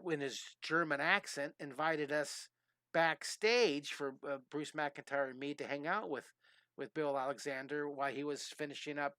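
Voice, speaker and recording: A man in his fifties, an energetic and chatty drawing teacher who tells rambling stories during a live-streamed lesson. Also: on the high side, no room sound. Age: 50s.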